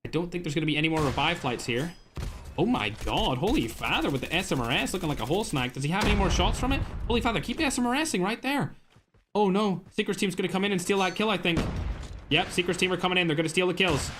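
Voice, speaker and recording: Excitable young man casting esports live. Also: high voice, fast, noisy background. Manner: excitable, frequent exclamations, chatty with stream chat. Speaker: streamer casting a mobile shooter tournament.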